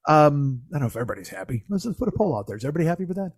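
A man's voice: on the high side, lively intonation, racing, husky, dry recording, clean studio sound. A man casually telling a long, rambling, profane and self-mocking story to his co-host.

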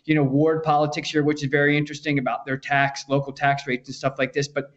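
Brisk male political correspondent on a dull line. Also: fairly high pitch, level tone. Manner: brisk, explanatory, hedging with fillers. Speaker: news correspondent. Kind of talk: conversational political reporting.

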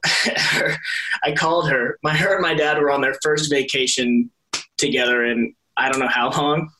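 A man's voice: mid-range voice, pushed and bright, poor audio. A young adult man, a guest actor on an interview, telling stories in a rambling way with many restarts and laughs. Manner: rambling, self-correcting, laughs often. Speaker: soap opera actor, guest. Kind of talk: casual interview chat.

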